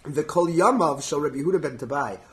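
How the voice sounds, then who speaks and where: A man teaching a Talmud class in an animated way, laughing often and translating Hebrew and Aramaic phrases as he goes. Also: fairly high pitch, quick pace.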